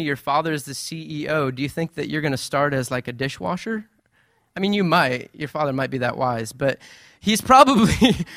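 Man preaching in a lively, conversational way. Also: on the high side, dry recording, clean studio sound. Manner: conversational, animated preaching with playful asides. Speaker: pastor. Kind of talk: sermon.

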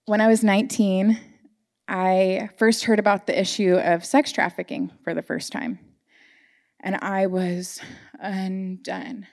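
A woman's voice: mid-range voice, flat delivery, slow, gravelly, a little mellow. A woman giving an earnest, emotional sermon to her church congregation, sharing personal stories. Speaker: church speaker. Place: church sanctuary.

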